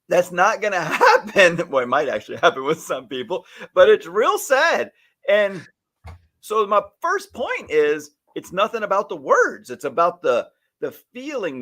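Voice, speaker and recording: A man with a somewhat high voice, chatting casually on a live stream. His pitch swings a lot as he acts out little scenes with voices. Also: pushed and bright. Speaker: podcast co-host, stylist educator. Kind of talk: casual chat. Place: home or studio, live stream.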